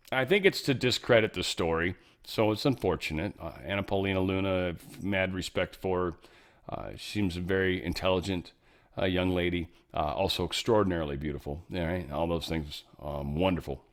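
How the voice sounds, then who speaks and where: Rambling low-voiced male commentator. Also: fairly bright tone. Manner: rambling, offhand, with frequent fillers and restarts. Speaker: show host. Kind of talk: casual news commentary.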